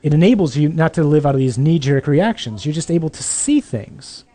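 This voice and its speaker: A man's voice: a little high, lively intonation, a little fast, mellow. A man, a priest, giving a conversational sermon to young adults, emphatic with dry humorous asides.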